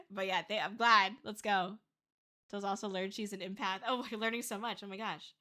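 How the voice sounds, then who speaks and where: A woman's voice: medium pitch, fairly even intonation, normal speed, sharp tone. A young woman streaming, chatting candidly with viewers in a rambling way, full of fillers and restarts. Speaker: VTuber streamer. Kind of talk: casual livestream chat.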